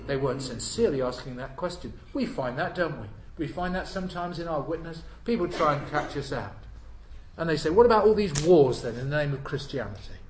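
A male preacher with a high, lively voice that climbs and dips widely as he preaches to his congregation. He puts questions to them and shifts between forceful, loud emphasis and quiet, hushed asides. There is faint noise behind him in the church. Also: echoey room, low-quality recording. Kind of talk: sermon.

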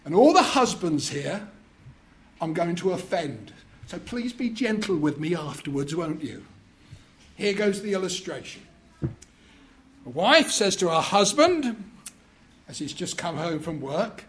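Preacher guy, high voice, slow and emphatic, jokey asides. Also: very animated, a bit bright. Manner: deliberate, emphatic, joking with the audience. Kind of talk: sermon.

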